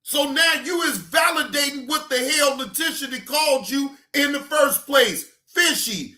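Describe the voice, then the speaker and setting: A man with a very high, bright voice rants slowly and angrily, swearing and often breaking into shouts. He sounds like a reaction channel host venting his commentary. The recording is echoey and roomy. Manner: heated, profane, often shouting. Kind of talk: ranting commentary.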